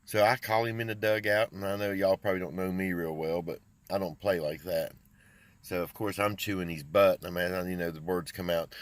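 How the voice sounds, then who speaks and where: A man's voice: low voice, fairly even intonation, a little fast, no room sound. An older man who runs a small engine repair and lawn care business, chatting casually and rambling in a folksy way. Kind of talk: casual vlog chat.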